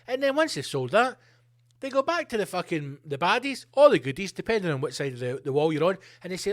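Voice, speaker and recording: A man's voice: sits high, sing-song, quick pace. A middle-aged man hosting a solo podcast, ranting in a sweary, sarcastic way. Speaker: podcast host.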